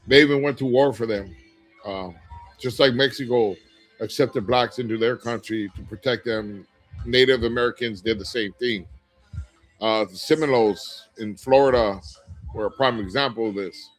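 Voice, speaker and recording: A man's voice: medium pitch, moderate pace, soft background music, low-quality recording. A middle-aged man hosting a casual livestream, reading viewer comments aloud and talking candidly, rambling with fillers and restarts. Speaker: livestream host.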